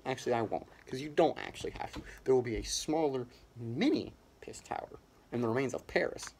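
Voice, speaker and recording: A young man giving a rambling, absurd mock campaign speech in a deadpan, blustering way. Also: medium pitch, a little fast, gravelly, slight background noise. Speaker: comedian.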